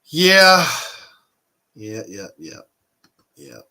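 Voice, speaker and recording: A man's voice: on the high side, very animated, drawn-out words, pushed and bright. A man in his thirties hosting a casual livestream, rambling and thinking aloud as he answers his chat. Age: 30s. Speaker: toy collecting livestream host.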